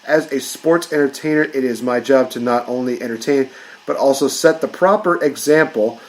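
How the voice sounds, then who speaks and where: A man's voice: mid-range voice, moderate pace, low-quality recording. A man hosting a podcast, ranting in a casual, jokey way. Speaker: podcast host.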